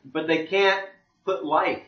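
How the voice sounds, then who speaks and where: High, bright-voiced man preaching in echo. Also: steady tone, slow pace. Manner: plain-spoken, asks rhetorical questions. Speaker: Bible teacher. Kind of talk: conversational sermon. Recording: echoey room, distant mic, dull lo-fi.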